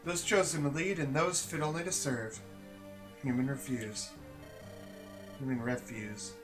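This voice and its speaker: A man's voice: a little high, brisk, over music, pitched above the performer's own voice, lightly acted. A man voicing a haughty, cruel noblewoman in a game, with clipped, contemptuous delivery. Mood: scornful.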